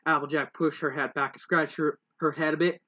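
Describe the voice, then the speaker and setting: A man's voice: on the high side, little pitch movement, a little fast, sharp tone, highs cut off. A man reading fanfiction aloud, rambling and stumbling over words, with self-mocking asides. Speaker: fanfiction reader. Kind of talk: casual story reading with asides.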